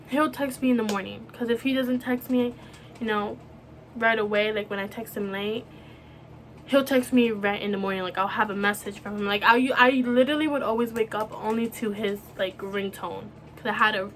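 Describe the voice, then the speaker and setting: Young woman, kinda high voice, emotional vlog story, keeps restarting, bit of hiss behind. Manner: emotional, halting, many restarts and "like". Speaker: vlogger. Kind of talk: personal storytelling to camera.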